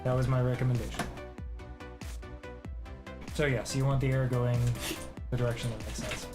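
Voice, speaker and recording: A man's voice: medium pitch, fairly even intonation, normal speed. Guy streaming, talking someone through a pc build, patient and chill, music going behind. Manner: patient, explanatory, chuckles often. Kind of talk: casual livestream chat, explaining.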